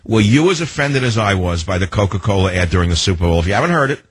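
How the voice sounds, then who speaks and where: A man's voice: on the low side, animated, fast talker, slightly rough, dry recording. A man hosting a talk radio show, delivering a combative monologue full of rhetorical questions into a studio microphone.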